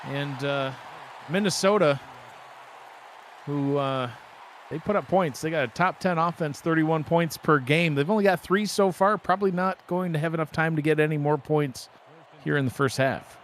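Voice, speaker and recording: Higher-voiced man calling the play-by-play. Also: a little hiss or hum. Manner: brisk, stat-heavy play-by-play. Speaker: play-by-play commentator. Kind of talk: sports commentary. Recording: music bed behind the voice. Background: background music.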